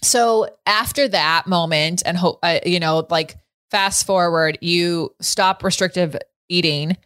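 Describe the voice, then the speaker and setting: A woman's voice: lowish voice, takes it slowly, a bit bright, dry recording. A woman hosting a podcast who chats frankly and laughs often while interviewing a guest. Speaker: podcast host. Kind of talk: casual interview chat.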